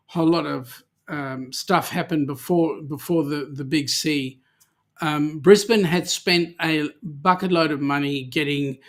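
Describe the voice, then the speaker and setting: A man's voice: a little high, fairly bright tone. A man with an Australian accent hosting a casual livestream, reading out viewer comments with lots of hesitant ums and playful teasing. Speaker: livestream host.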